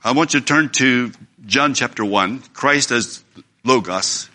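A man's voice: medium pitch, measured pace, pushed and bright. A man preaching a sermon in an earnest, emphatic way, reading scripture aloud.

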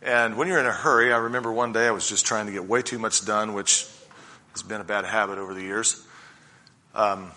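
A middle-aged man preaching a sermon with personal stories, earnest and slowing down to stress key points. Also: lowish voice, steady tone, pushed and bright.

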